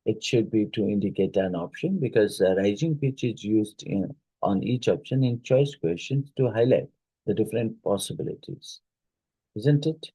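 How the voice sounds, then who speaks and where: Husky, low-voiced male teacher. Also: lively intonation, moderate pace, warm tone, no echo, rough recording. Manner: reads questions aloud, then reasons through the answer. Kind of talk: exam question review lesson.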